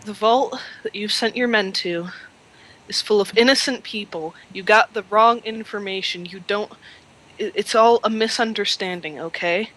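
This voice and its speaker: Nervous young man pleading to avoid a fight, as a woman voices him; bright, forward tone. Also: medium pitch, moderate pace, natural voice, rough recording. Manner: pleading, shaky, trying to calm.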